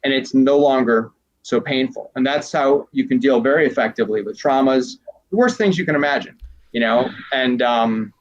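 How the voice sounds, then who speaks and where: A man, a transformational coach, talking casually in an interview, rambling and animated as he acts out little quoted exchanges. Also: mid-range voice, moderate pace, muffled recording.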